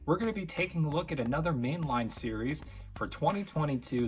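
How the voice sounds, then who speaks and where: A man's voice: fairly high pitch, animated, brisk, faint music behind. A young man hosting a toy car unboxing vlog from his home studio, talking in a rambling, chatty way with frequent self-corrections and asides. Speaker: toy car reviewer, channel host. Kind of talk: casual unboxing vlog talk.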